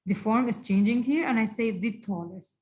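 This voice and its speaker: A woman teaching a recorded English grammar lesson, repeating words slowly and deliberately for her students. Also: on the high side, a little mellow, low-quality recording. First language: Arabic.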